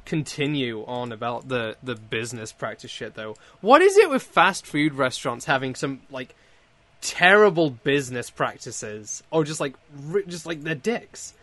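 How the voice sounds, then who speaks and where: A young man in a casual online group chat, animated and swearing, laughing often. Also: medium pitch, moderate pace, no echo. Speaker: friend in chat. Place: online voice call.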